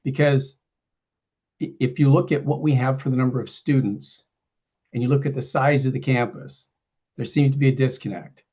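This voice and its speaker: A man with a mid-pitched voice who speaks haltingly, restarting words as he thinks aloud. His voice comes through dull and muffled, like a lo-fi recording. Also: steady tone, dark tone, breathy edge. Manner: halting, thoughtful. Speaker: committee member. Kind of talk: meeting question.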